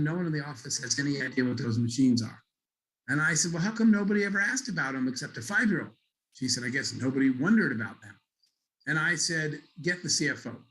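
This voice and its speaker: On a conference stage, a middle-aged keynote speaker tells a story and acts out the dialogue. His voice is medium-pitched with a fairly bright tone, though the audio is poor.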